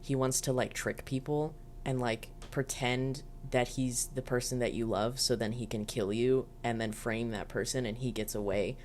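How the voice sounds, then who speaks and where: Very low-voiced chatty woman. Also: fairly even intonation, moderate pace, hardly any pauses, a little mellow, a little hiss or hum. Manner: chatty, filler-heavy, giggly asides. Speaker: show reviewer. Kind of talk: casual episode recap.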